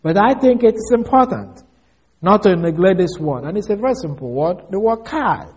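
A man with a notably high, husky voice delivers an expository Bible lesson. He speaks in a measured, deliberate way. He spells out words and repeats key phrases so listeners can follow along. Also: animated. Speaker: preacher.

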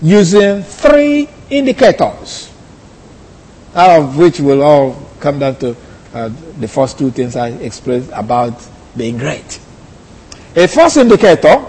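A man teaching a Bible lesson, deliberate and repeating key phrases. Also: on the high side, expressive, darkish tone, slightly rough. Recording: long hall reverb.

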